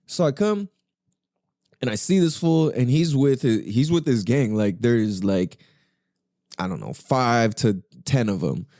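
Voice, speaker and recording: A man's voice: medium pitch, lively intonation, unhurried, mellow, no echo, studio quality. A young man hosting a podcast, telling a story in casual, profane slang full of fillers. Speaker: podcast host.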